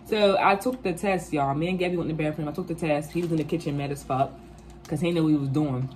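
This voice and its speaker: A woman in her twenties telling a casual storytime, animated and profane, acting out quotes. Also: low-pitched, quick pace, a little hiss or hum. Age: 20s. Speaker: vlogger.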